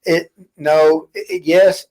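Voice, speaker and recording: A man's voice: a little high, steady tone, slow pace, darkish tone. A man co-hosting a casual podcast chat who often stammers and restarts his sentences and pushes back with short skeptical replies. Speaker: podcast co-host.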